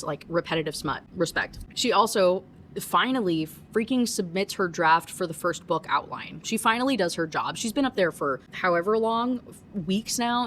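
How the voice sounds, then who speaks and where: A woman giving a casual rant review of a book, animated, swearing often and breaking into laughter. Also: on the low side, slight background noise.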